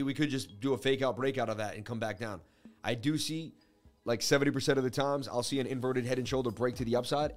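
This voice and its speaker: A man hosting a casual market-analysis livestream, rambling in a conversational, self-assured teaching way. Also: medium pitch. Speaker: host.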